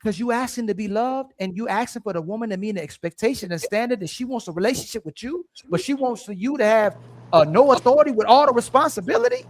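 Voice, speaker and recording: A man hosting a heated live debate, animated, repeating himself and cutting in often. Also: extremely high pitch, quick pace, dry recording. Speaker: podcast host.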